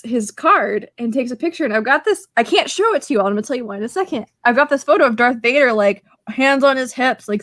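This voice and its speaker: An excitable, chatty woman with a somewhat high voice co-hosts a podcast, telling stories in a loose, casual way. She's close on the mic in a dry, deadened room with almost no reverb. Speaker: podcast co-host.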